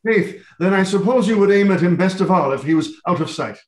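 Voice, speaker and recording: A man's voice: high-pitched, lively intonation, brisk. A man reading a part aloud in a live play reading, confident and bantering. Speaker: volunteer reader playing Sir Lucius. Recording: echoey room.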